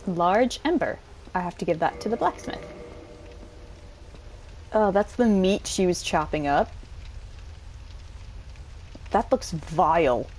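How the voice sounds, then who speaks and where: Lively, joking woman gaming commentator. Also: fairly low pitch, slow pace, pauses often, slight background noise, poor audio. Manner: chatty, joking, swears. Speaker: gamer. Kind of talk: casual gameplay commentary.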